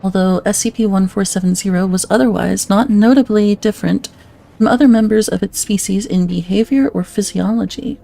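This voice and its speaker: A woman's voice: mid-range voice, fairly quick, creaky, mellow. A woman streamer reading documents aloud in a casual way, breaking off for laughing, swearing asides.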